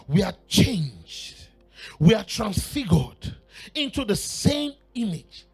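A man preaching a sermon with fervor, dropping to a hush and then rising to shouts and half-sung phrases, sometimes speaking in tongues. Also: sits high, big pitch swings, a little slow, soft background music. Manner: fervent, swings from hushed to shouting and half-singing.

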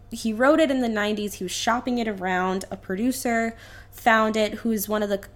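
A woman co-hosting a podcast, telling a story in animated casual chat and acting out the characters. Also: mid-range voice. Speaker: podcast co-host.

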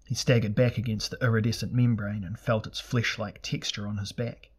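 A man narrating a fantasy audiobook in a steady, measured, dramatic reading. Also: on the low side, breathy edge.

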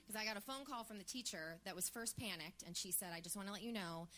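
A woman's voice: mid-range voice, fast talker. A woman in her thirties co-hosting a live podcast on a theatre stage, telling stories chattily with lots of fillers. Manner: chatty, animated storyteller with many fillers. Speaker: podcast co-host. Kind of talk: live podcast banter and storytelling.

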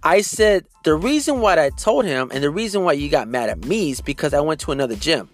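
A man's voice: on the high side, animated, a little fast, no room sound, faint music behind. A man hosting a podcast, telling a story in a casual, indignant rant and addressing his listeners directly. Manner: indignant, talks straight to listeners. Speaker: podcast host.

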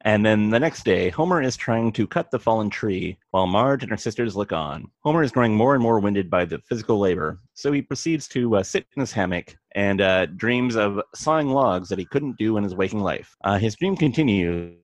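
A man co-hosting a podcast, recapping a cartoon episode in a dry, measured way. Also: on the low side, expressive, no echo. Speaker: podcast co-host.

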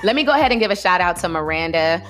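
A woman co-hosting a podcast, telling a story in a lively way and acting out the people in it. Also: on the low side, rapid-fire, faint music behind. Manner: animated, acts out customers in voices. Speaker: podcast co-host. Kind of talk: casual chat, storytelling.

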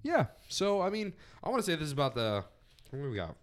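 A man's voice: fairly high pitch, wildly swooping pitch, fast. A man co-hosting a podcast, casually recapping a wrestling event, rambling with many fillers. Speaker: podcast co-host.

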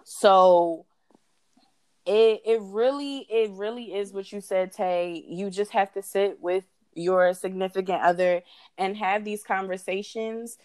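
A young adult woman co-hosts a casual talk show. She talks through relationship advice in a reflective way, stretching her phrases out. Her pitch sits in an ordinary middle range. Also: steady tone, slow, a little mellow, clean tone. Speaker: podcast co-host. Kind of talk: casual chat.

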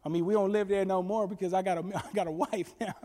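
Lively male preacher, storytelling sermon, high-ish voice in a reverberant room. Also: fast. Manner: animated storytelling, bursts of shouting. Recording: long reverb with faint music.

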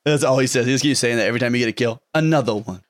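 Man, gaming co-host, casual chat, excitable and rambling, mid-range pitch. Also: racing. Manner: excitable and rambling, laughs often. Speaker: co-host of a gaming stream show.

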